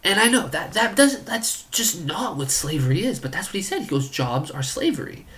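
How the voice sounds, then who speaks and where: A man's voice: high voice, big pitch swings, brisk, sharp tone. Rambling, incredulous male storyteller. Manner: rambling, incredulous, lots of filler "like". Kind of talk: comedic storytelling.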